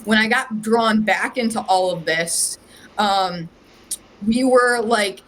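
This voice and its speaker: Slowly and with a somewhat bright, medium-pitched voice, a psychic medium from Ohio, USA, shares her story as a podcast guest. Her chat is rambling and heavy on "like," captured on a low-quality recording with slight background noise.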